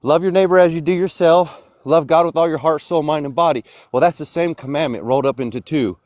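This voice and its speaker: A man preaching insistently in an online debate, his voice sitting fairly high for a man. The sound is close and dry, with no room around him. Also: a little fast, no echo. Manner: insistent and preachy, rising to loud outbursts. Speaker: Christian caller in a debate. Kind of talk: heated live-stream debate.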